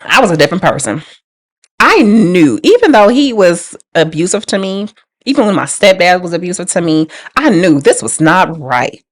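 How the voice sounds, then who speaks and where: A woman's voice: fairly low pitch, very animated, normal speed, dry recording. A young woman telling her life story in a casual, emphatic way, repeating phrases for weight. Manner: casual, emphatic, repeats phrases, laughs through hard memories. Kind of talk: candid personal storytelling.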